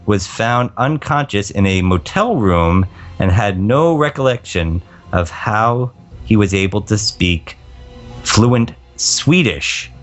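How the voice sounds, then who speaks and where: Slow-talking podcast man with dry wisecracks. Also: lowish voice, lively intonation. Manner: dry wisecracks while reading news. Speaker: co-host reading stories. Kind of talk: comedic podcast chat. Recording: dull lo-fi podcast audio with faint music.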